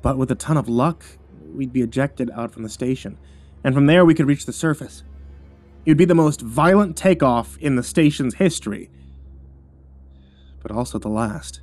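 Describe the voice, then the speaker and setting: A man narrating a scripted horror story in a measured, somber way. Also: mid-range voice, darkish tone. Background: faint music.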